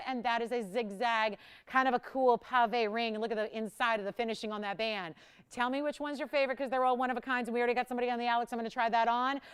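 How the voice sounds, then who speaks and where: A woman hosting a live jewelry shopping broadcast, pitching pieces in a rapid, upbeat sales patter. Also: clear, resonant tone. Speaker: shopping channel host.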